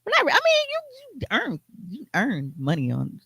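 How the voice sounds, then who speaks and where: A man with a slightly high voice chats casually on a podcast, rambling through a story with fillers and cursing. His voice sits close and dry, with no room sound around it. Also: huge pitch swings, moderate pace, creaky, pushed and bright, husky, no echo. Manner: loose, profane storytelling with many fillers. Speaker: podcast co-host.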